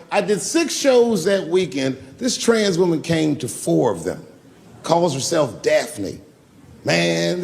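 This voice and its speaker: A profane, animated male stand-up comic tells stories on a comedy club stage, acting out characters in a slightly high, creaky voice. Long stage reverb and faint noise color the recording.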